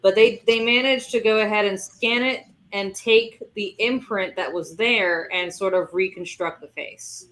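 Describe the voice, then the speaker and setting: A woman's voice: mid-range voice, a little slow, few pauses, a bit bright. A woman chatting casually on a stream, rambling through stories, swearing freely and acting out quotes. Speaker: webcomic co-creator streaming. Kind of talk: casual chat.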